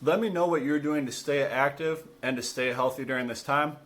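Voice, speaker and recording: A man, a school gym coach, talking casually to his students in a home cooking vlog, relaxed and chatty, sometimes with his mouth full. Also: mid-range voice, fairly quick.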